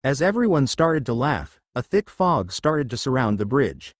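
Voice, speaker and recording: Male fan fiction reader, brisk plain storytelling, dry close sound. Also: mid-range voice, very animated, no room sound. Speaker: narrator. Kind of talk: reading fan fiction aloud.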